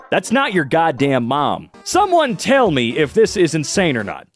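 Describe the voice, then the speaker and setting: A man's voice: a little high, moderate pace, few pauses, soft background music. A man reading out text messages and reacting with sarcastic, incredulous commentary as a comedy host. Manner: animated, sarcastic, incredulous outbursts.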